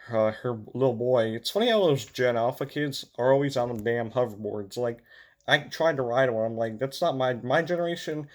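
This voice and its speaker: A man's voice: medium pitch, moderate pace, a little mellow. Rambling man with Midwestern-Southern accent. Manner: chatty, meandering, many fillers and restarts. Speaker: racing channel host. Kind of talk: rambling casual vlog commentary. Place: home room with windows.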